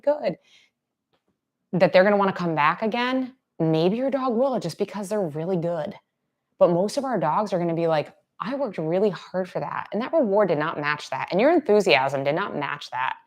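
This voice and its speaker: A woman dog trainer giving casual advice in a live Q&A, talking conversationally and at times dropping to soft near-whispers to show gentle praise. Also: lowish voice.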